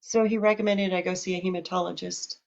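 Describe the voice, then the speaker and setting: A woman with a lower voice tells her own story over a dull, lo-fi recording. She talks casually and frankly. She acts out the people in the story as she goes. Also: fast, creaky. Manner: candid, animated retelling with quoted dialogue. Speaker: podcast host telling her story. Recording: dull lo-fi audio.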